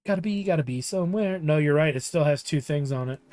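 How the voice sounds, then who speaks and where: A man's voice: a little high, quick pace, darkish tone. A young man casually chatting and joking while streaming a video game, slipping into silly bits. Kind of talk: casual live-stream chat.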